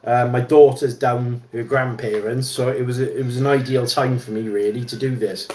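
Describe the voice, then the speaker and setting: A man's voice: medium pitch, steady tone, normal speed, a little mellow. Chatty man in a roomy space. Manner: rambling, many ums and restarts. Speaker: livestream host. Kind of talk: casual chat while wrenching.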